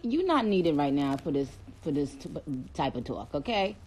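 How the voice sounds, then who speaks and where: A woman's voice: low voice, sing-song, normal speed, a little mellow, husky. A woman hosting a casual phone livestream, reading out viewer comments in a playful, chatty way and dropping in Spanish phrases.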